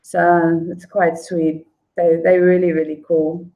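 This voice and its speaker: A woman's voice: on the low side, flat delivery, takes it slowly, dark tone, rough recording. A woman chatting casually on a livestream, greeting viewers by name. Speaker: livestream host. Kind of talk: casual livestream chat, reading viewer comments.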